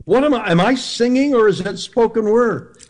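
Animated man, lively swooping pitch. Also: normal speed. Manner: animated, restarting mid-sentence. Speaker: actor guest. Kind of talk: radio interview.

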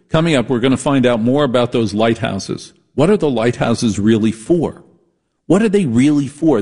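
A man's voice: mid-range voice, a little mellow. A man from the Northeastern United States hosting a late-night radio call-in show, brash, sarcastic and combative. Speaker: radio talk show host.

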